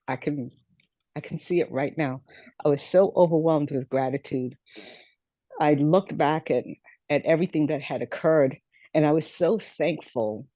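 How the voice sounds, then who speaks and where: Woman, podcast guest, warm mellow voice, dry close sound, reflective storytelling. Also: sits low, no echo. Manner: reflective, repeats phrases for emphasis. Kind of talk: storytelling interview.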